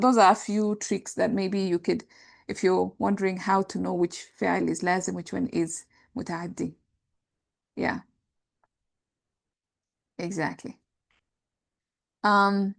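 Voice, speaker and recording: A woman teaching an Arabic grammar class, explaining terms step by step and often checking understanding with "right?" and "yeah?". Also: medium pitch. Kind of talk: classroom lecture.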